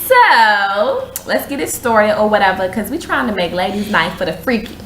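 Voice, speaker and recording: Female talk-show host, animated storyteller, slangy, echoey room with light noise. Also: normal speed. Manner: animated, slangy, acts out quotes in a higher voice. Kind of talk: casual storytelling chat.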